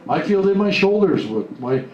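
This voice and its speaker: Blunt animated male speaker, echoey room. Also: high-pitched, brisk, dull audio. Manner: blunt, animated storytelling with acted-out quotes. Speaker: motivational speaker. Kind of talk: live talk to an audience. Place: room with a live audience. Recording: echoey room, mic at a distance, faint noise.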